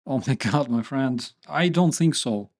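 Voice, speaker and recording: Slow-talking Ukrainian man with a joking manner. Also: mid-range voice. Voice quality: animated, joking, with many fillers. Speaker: channel host. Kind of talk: casual chat with viewers, reading comments.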